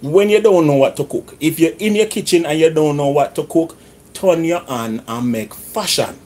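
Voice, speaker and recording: A man's voice: on the high side, moderate pace, a little mellow. Chatty Jamaican man cooking at home. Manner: chatty, drops into patois phrasing. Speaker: cooking vlogger. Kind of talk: casual cooking vlog talk. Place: home kitchen.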